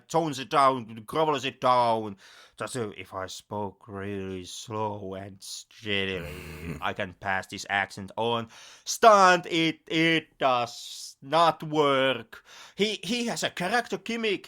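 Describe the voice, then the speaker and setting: A man co-hosting a podcast, chatting casually about films in an animated, sarcastic, mocking way. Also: medium pitch. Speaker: podcast co-host. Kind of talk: casual film-review chat.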